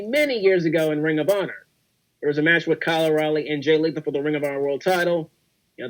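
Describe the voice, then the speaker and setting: A young man talks casually on a podcast, excitable and full of hype, driving each point home by repeating it. His voice sits fairly high for a man. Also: rough recording. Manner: excitable, repetitive hype talk. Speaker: podcast co-host.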